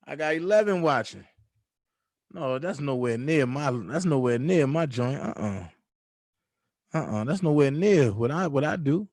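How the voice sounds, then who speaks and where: A man with a high voice hosts a casual livestream, easing through his words at an unhurried pace. He sounds playful and sing-song, stretching out lines while he calls out to viewers. The sound is close and dry, with no room around it. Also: lively intonation, darkish tone, dry recording. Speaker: livestream host.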